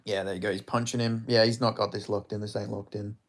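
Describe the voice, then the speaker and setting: Excitable man reacting to a live fight. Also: on the low side, quick pace. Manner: excitable, swearing, bursts into loud reactions. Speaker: streamer hosting a live fight watch-along. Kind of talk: live casual fight commentary.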